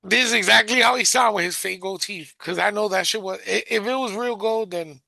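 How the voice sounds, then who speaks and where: A middle-aged man with a Bronx New York accent, co-hosting a podcast and telling stories in a sarcastic, animated way. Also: high-pitched, a little fast, creaky, dry recording. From South Bronx, New York. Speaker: podcast co-host. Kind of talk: casual chat, storytelling.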